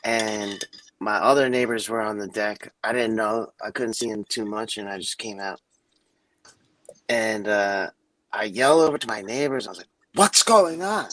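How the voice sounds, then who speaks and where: A man co-hosting a casual chat, telling a story and acting out quotes with big jumps in his voice. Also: moderate pace. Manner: animated, acts out quotes with big pitch jumps. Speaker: co-host.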